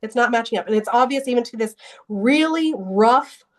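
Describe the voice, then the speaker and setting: A young woman speaks as an interview guest, recounting a turning point in her faith. Her voice sits a little high, and she talks earnestly, often restarting her sentences as the emotion catches up with her. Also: animated, normal speed. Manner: earnest and emotional, with many restarts and bursts of laughter. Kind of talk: personal testimony in an interview.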